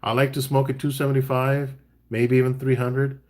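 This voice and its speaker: A man's voice: mid-range voice, little pitch movement, moderate pace, darkish tone. Laid-back man chatting on a barbecue stream. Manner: laid-back, chatty, reads out viewer comments, swaps between tips and banter. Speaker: barbecue caterer and live chat host. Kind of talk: casual live-stream chat.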